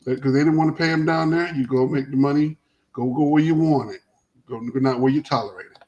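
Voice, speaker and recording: A man hosting a casual sports talk show, telling stories in a rambling, animated way with many restarts. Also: mid-range voice, brisk, lo-fi sound.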